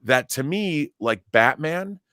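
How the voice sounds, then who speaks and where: Male guest commentator, chatty and animated, stammers through restarts and laughs a lot. Dry, close sound. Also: on the high side, slow pace, no echo. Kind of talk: casual chat about movies and comics.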